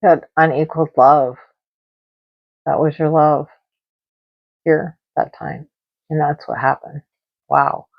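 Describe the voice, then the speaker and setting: A woman's voice: low voice, level tone, slow pace, creaky, long pauses, no echo. A woman hosting a live-stream tarot reading, rambling and emotional, with many fillers and repeated words. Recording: dull lo-fi live-stream audio.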